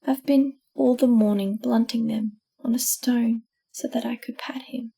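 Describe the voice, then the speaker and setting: A woman voicing a gentle, eager female wallaby with a very soft voice in a storybook. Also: fairly high pitch, fairly even intonation, measured pace, creaky, breathy edge, full character voice. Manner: very soft-spoken.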